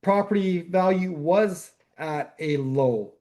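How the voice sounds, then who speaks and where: A man's voice: high-pitched, slow, darkish tone. A man co-hosting a real estate podcast, explaining the market steadily and asking rhetorical questions. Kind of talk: casual podcast chat.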